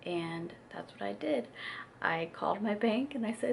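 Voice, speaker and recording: Woman in her twenties, casual vlogger, gravelly fry, candid and chatty, faint noise behind. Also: mid-range voice, animated, moderate pace. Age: 20s. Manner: candid, chatty, many fillers. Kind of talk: casual confessional chat to camera.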